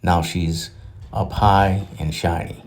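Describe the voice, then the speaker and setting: A man giving a relaxed, matter-of-fact voice-over about his own boat projects. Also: low-pitched, slow, a little hiss or hum. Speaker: boating vlogger. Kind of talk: casual voice-over narration.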